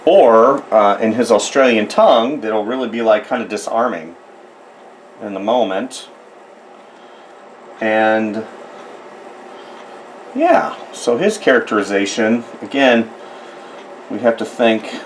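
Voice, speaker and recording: A man's voice: fairly low pitch, a little hiss or hum, low-quality recording. A man from the United States narrating a casual drawing tutorial, chatty and rambling with self-deprecating asides. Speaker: art tutor.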